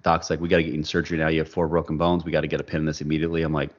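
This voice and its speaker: A bass-voiced man races through a personal story on a podcast, and the sound is lo-fi. Animated throughout, he performs the quoted lines of the people in his tale, storytelling within a casual interview.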